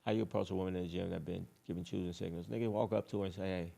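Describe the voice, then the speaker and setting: Gravelly, blunt, profane man. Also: low-pitched, steady tone, very fast, mellow. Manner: repeats points for emphasis. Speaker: dating advice host. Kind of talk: casual monologue.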